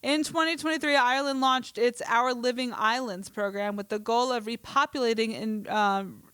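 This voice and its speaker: A woman's voice: a little high, steady tone, moderate pace, pushed and bright, clean tone, no room sound. A woman from New Jersey co-hosting a casual podcast, chatting and reading an article aloud with small stumbles and easy laughs. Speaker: podcast co-host.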